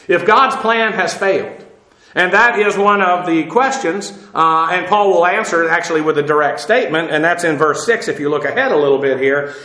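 Bright-voiced man teaching Bible in an echoey room. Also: a little high. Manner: spells out Greek words letter by letter, many fillers.

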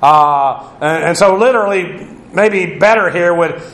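A man's voice: a little high, measured pace, a bit bright, reverberant. A man teaching through a Bible passage verse by verse, in a conversational, digressive way with asides on Greek grammar.

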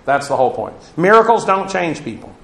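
A man's voice: fairly high pitch, very animated, brisk, a bit bright, reverberant. A man teaching through a Bible passage verse by verse, in a conversational, digressive way with asides on Greek grammar.

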